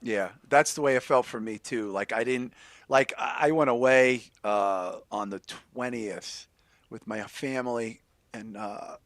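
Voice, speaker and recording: A man's voice: medium pitch, measured pace, a bit bright, no echo. A man hosting a podcast in an upbeat, joking, rambling chat. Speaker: podcast host.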